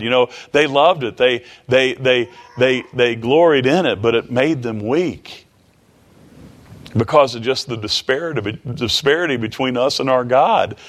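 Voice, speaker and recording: A man preaching a sermon in a folksy, repetitive way, often chuckling. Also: mid-range voice.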